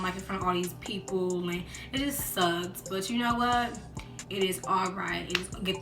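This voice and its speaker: A young woman chatting casually in a storytime vlog, acting out quotes in lively voices. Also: medium pitch. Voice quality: animated, acts out quotes in voices. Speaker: vlogger. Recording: roomy echo with background music.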